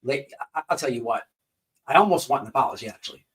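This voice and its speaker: A man's voice: medium pitch, animated, fast, a bit bright, recorded from a distance, low-quality recording. A man hosting an online commentary show, ranting in a profane, confrontational, repetitive way.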